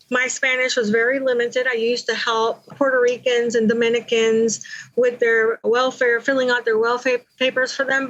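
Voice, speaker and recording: A woman with a slightly high voice tells her own story candidly in an interview. She talks conversationally and often says "you know". The recording sounds dull and lo-fi. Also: a bit bright. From Panama.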